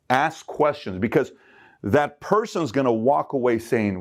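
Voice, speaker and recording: A middle-aged man from Iran giving a motivational talk of life advice, emphatic and animated, acting out the people he quotes. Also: medium pitch, fairly quick.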